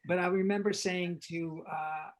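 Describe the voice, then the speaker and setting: An older man, a film director guest in an interview, telling animated anecdotes and acting out what people said. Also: high-pitched, a little slow, low-quality recording. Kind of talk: casual storytelling interview.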